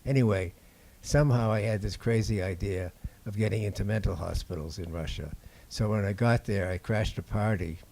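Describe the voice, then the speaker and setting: An older man from Boston speaks to a gathered audience in a low, mellow voice. His telling is halting and unhurried, full of small pauses as he recalls his work as a filmmaker. A faint hum of the room sits behind him. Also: creaky. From Boston, USA. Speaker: documentary filmmaker. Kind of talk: anecdotal talk to an audience. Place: indoor screening before an audience.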